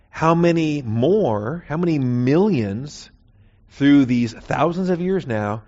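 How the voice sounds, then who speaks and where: A man's voice: mid-range voice, vocal fry, darkish tone, muffled recording. A man teaching a Bible class in a conversational sermon style, often checking in with "okay?". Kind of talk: sermon lecture.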